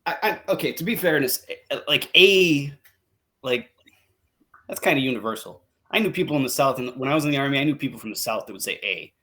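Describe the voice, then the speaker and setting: A man's voice: mid-range voice, lively intonation, fast, fairly bright tone. A man with a Wisconsin accent chatting casually on a podcast in an easygoing way, full of "like" and "dude.". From Wisconsin, USA. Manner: laid-back, easygoing, filler-heavy. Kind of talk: casual chat.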